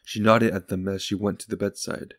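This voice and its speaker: A man reading a short story aloud in calm, unhurried scripted narration. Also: on the low side. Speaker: audiobook narrator.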